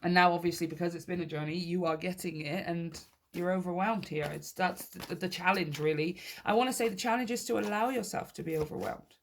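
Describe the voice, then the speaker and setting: A woman's voice: fairly low pitch, a little fast, few pauses, slight background noise. A woman giving a casual tarot reading to her viewers, upbeat and encouraging, often laughing and repeating key phrases for emphasis. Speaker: tarot reader.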